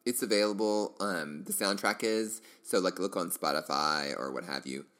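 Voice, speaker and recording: A middle-aged podcast host chats casually and enthusiastically on his solo show, rambling with lots of fillers and restarts. His voice is low-pitched and a bit bright, at a moderate pace.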